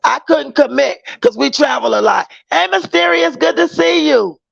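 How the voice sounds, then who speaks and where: A woman's voice: high-pitched, lively intonation, moderate pace, vocal fry, muffled recording. A woman hosting a casual livestream, chatting with viewers, greeting them by name, using slang. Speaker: livestream host.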